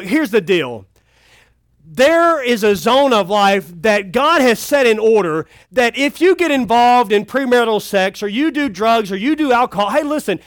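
A middle-aged male pastor with a notably high, animated voice, spinning humorous family tales in a country-style camp sermon. His delivery rises and falls freely as he plays for laughs. The sound is close and dry, with no room around it. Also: dry recording. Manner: folksy and humorous, acting out a child's cries.

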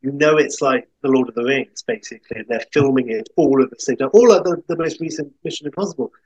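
A man's voice: mid-range voice, fast, darkish tone, husky, no echo, dull audio. A man co-hosting a podcast, chatting casually and gushing with effusive praise. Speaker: podcast co-host. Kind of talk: casual chat.

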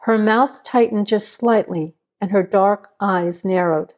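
A woman narrating a crime story in an even, measured reading. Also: mid-range voice.

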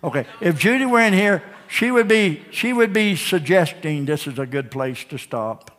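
A man's voice: sits high, animated, moderate pace, fairly bright tone. A man preaching a sermon in a church, telling folksy stories and joking with his congregation before calling them to the altar. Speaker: pastor. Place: church sanctuary. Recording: live church sound with long reverb and faint guitar.

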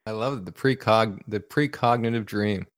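A man hosting a casual interview, speaking haltingly with frequent restarts. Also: lowish voice, no room sound, studio quality. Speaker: podcast host.

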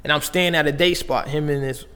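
A man's voice: a little high, fairly even intonation, a little fast, bright, forceful tone, clean tone, long reverb tail. A young man from Las Vegas, a basketball player telling his story in loose, slangy casual talk full of fillers and restarts. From Las Vegas, USA.

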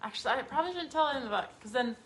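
Teen daughter, bright voice, halting casual chat. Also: female voice, high-pitched, lively intonation, a little hiss or hum. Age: teens. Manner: hesitant, lots of likes and ums.

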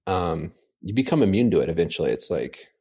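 A man chatting casually from home, telling an animated, rambling story full of fillers. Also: sits low, a little fast, breathy edge. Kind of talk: casual chat.

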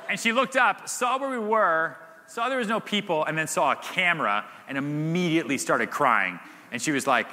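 Animated man telling stories on stage. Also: fairly high pitch, measured pace, long pauses. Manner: animated storyteller, laughs often, many "like" fillers. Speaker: guest. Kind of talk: live Q&A storytelling. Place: event stage. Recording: reverberant hall.

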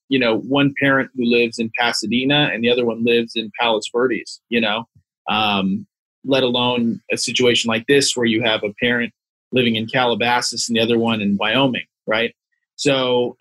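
A man's voice: medium pitch, a bit bright, dry recording, poor audio. A man who is a family law attorney, explaining things methodically as a podcast guest.

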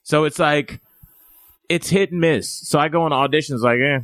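Comedian guest, male, slightly higher pitch, dry close sound, rambling and profane. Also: moderate pace, fairly bright tone, no room sound. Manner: rambling storyteller, lots of restarts and swearing. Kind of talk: casual podcast chat.

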